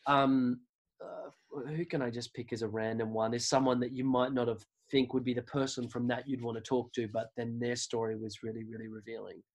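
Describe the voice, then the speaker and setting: This guest is a male podcast creator from Australia who speaks with an Australian accent. In a relaxed interview he rambles through stories with lots of restarts, his mid-range voice fairly quick and fairly even in intonation.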